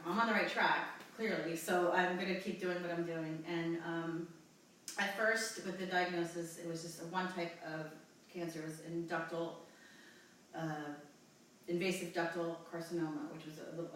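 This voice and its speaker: A woman from New Jersey in her forties, telling a personal story in an interview with halting, rambling speech and many fillers. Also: lowish voice, far from the mic, a little hiss or hum. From New Jersey, USA. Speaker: interview guest. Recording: echoey room, voice from off-mic.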